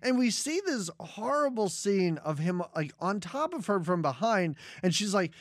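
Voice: mid-range voice, sing-song, moderate pace. A co-host talking about a film in a casual review chat, laughing and mocking it in put-on quotes. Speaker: podcast co-host. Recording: faint background noise.

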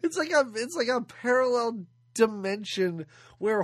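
A husky-voiced woman pitched a little low, whose speech swoops up and down as she asks amused, incredulous questions. She talks casually with her co-host about a film. The sound is dry and close. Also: animated, a little slow, no echo. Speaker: podcast co-host. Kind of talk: casual chat about a movie.

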